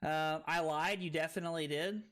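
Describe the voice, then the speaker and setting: A man streaming a card game, tipsy from drinking, who breaks into loud excited outbursts and giggly laughter. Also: on the high side, fairly quick. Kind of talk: live stream gameplay commentary.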